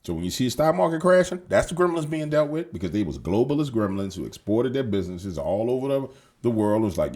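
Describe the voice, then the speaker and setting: Slangy, animated male news commentator. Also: mid-range voice, fast talker. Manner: profane, emphatic, slangy; rambling with repeated phrases. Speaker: show host.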